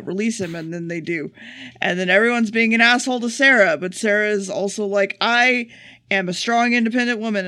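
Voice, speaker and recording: A man's voice: high voice, bright, forceful tone, dry recording, clean studio sound. A man co-hosting a podcast, recapping an episode in a casual, profane, sarcastic way. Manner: profane, sarcastic, rapid plot summary. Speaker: podcast co-host.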